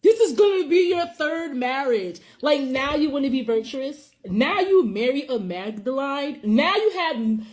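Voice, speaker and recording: A woman with a high, lively voice that swoops up and down. She talks in a casual, animated way, laughing and acting out quotes as she goes. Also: a little slow, hardly any pauses. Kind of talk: casual reaction chat.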